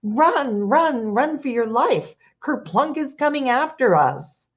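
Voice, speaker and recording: A woman's voice: low voice, big pitch swings, slow, darkish tone, lo-fi sound, pitched below the performer's own voice, heavily acted. A woman doing a big trumpeting elephant. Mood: alarmed.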